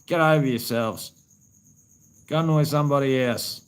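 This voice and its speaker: A man's voice: medium pitch, normal speed, smooth, low-quality recording. An Australian man chatting casually on a live stream, rambling, swearing heavily and calling viewers man and brother.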